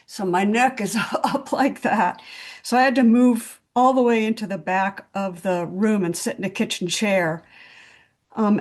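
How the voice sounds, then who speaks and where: A woman's voice: fairly high pitch, darkish tone. A woman speaking candidly in a video-call sharing group, blunt and swearing, with many fillers and restarts.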